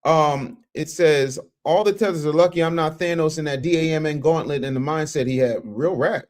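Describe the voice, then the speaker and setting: A man's voice: fairly high pitch, normal speed, a little mellow. A man hosting a live reaction stream, mocking and roasting clips and reading viewer messages in a rowdy casual way. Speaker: livestream host.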